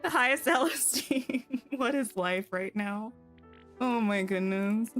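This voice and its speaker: A woman's voice: medium pitch, slow pace, soft background music. A woman streamer chatting casually while gaming, rambling and giggling at herself. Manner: rambling, giggly, self-deprecating.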